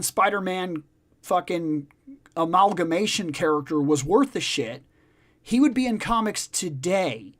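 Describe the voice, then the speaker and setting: Emphatic, swearing man ranting casually. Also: high voice. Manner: emphatic, profane, repeats points for stress. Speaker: podcast host. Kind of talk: casual discussion chat.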